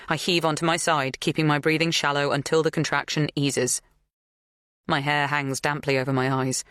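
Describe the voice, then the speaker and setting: A woman reading a first-person suspense audiobook in a tense, measured way. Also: low-pitched, no room sound, clean studio sound. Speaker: audiobook narrator. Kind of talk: first-person thriller narration.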